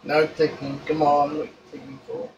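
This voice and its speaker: A woman's voice: low voice, flat delivery, brisk, a little mellow, muffled recording. A woman talking casually to her pet cockatoo in her bedroom, cooing and praising the bird between asides. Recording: from a distance, faint room hum.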